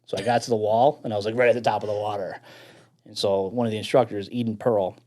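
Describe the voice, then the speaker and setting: A man's voice: lowish voice, steady tone, quick pace, darkish tone. A man with a Chicago accent, a firefighter guest, telling a story in casual chat, laughing often and swearing freely.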